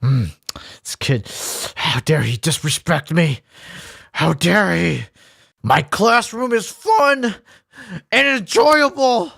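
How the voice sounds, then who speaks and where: A man putting on a dramatic, self-pitying teacher in a comedy sketch, whining in a wounded tone. The voice slides from low grumbling up into high, near-tearful complaint. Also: animated, slow pace, vocal fry, bright, forceful tone, breathy edge, dry recording, studio quality, heavily acted.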